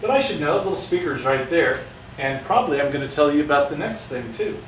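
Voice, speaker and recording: A man's voice: fairly high pitch, animated, a little fast, a little hiss or hum. A man teaching a casual science lesson, talking chattily and joking with his students. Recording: roomy sound, distant mic.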